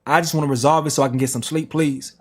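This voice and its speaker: A man's voice: on the high side, fairly even intonation, fast. A man reading text messages aloud on a reaction stream, with slangy asides. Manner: plain reading broken by slang asides and laughs.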